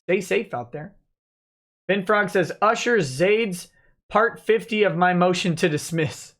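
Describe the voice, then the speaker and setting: A man hosting a relaxed livestream, reading viewer messages aloud and answering them offhandedly. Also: high voice, measured pace. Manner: reads donor messages aloud, chatty and offhand. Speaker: livestream host reading chat. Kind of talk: relaxed live-stream chat.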